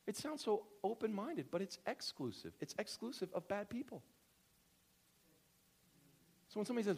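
A man's voice: high voice, very animated, brisk, long pauses, a little mellow, slightly rough. A man preaching a sermon in a casual, conversational way, acting out the voices he quotes. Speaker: pastor.

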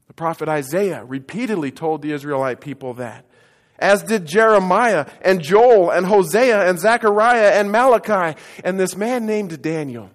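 A man preaching a sermon to his congregation, leading call-and-response and swinging between loud declarations and hushed lines. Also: high-pitched. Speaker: pastor. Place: church sanctuary. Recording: echoey church hall.

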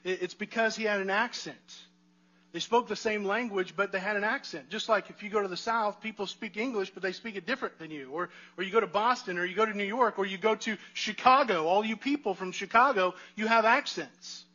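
Bright-voiced man preaching a conversational sermon. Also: sits high, a little fast, muffled recording. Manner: conversational preaching with rhetorical questions to the congregation. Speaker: pastor.

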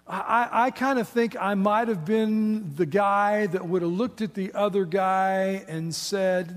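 A man's voice: high-pitched, a little slow, hardly any pauses. A middle-aged man preaching a sermon as a pastor, talking conversationally and asking the congregation rhetorical questions with casual asides. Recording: long reverb of a large hall.

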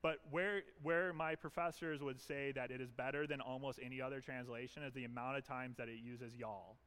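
Male pastor, mid-pitched voice, earnest emphatic sermon delivery. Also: fairly even intonation, fairly quick, a bit bright, clear, resonant tone. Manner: earnest, emphatic preaching with repetition. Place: church.

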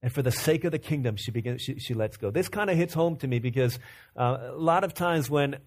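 A man in his thirties preaching a sermon, earnest and repeating himself, dropping to a soft low voice for stories. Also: fairly quick. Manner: earnest, repeats words and restarts, drops to a soft low voice when telling stories. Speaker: pastor.

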